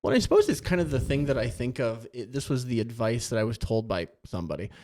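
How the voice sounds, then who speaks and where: A man's voice: medium pitch, very animated, a little mellow. A man who is a father, co-hosting a parenting podcast in casual chat, adding dry, wry asides. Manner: conversational, quick interjections and wry asides.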